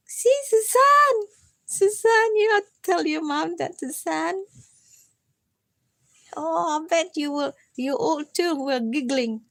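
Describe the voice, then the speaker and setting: A tired woman chatting on a casual live stream, gently coaxing and self-mocking, often repeating her listener's name. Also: high voice, takes it slowly, vocal fry, long pauses, dry recording. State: tired from lack of sleep. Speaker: livestreamer.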